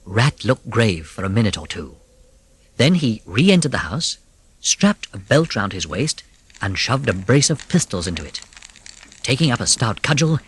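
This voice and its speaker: Expressive storybook narrator. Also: mid-range voice, slight background noise. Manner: expressive, with whispered suspense. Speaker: audiobook narrator.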